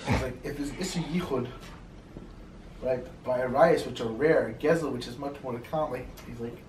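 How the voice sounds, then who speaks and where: A man teaching an informal Torah class, telling stories quickly and animatedly with lots of fillers. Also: medium pitch. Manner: fast, animated storytelling with many fillers. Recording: echoey room, mic far off, faint noise.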